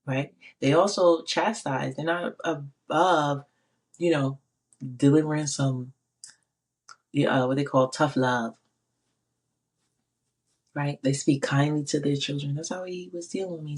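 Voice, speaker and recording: Casting: middle-aged woman, low husky voice, emphatic testimony speaker who repeats phrases for weight. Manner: emphatic, repeats phrases, quotes God in her own voice. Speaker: faith speaker. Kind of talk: personal testimony.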